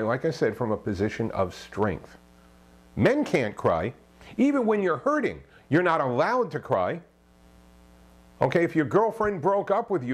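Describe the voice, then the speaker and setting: A man giving relationship advice straight to the camera as a self-help author, emphatic and preachy, firing off rhetorical questions and tagging "okay?" onto his points. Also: mid-range voice. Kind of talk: direct-to-camera advice monologue.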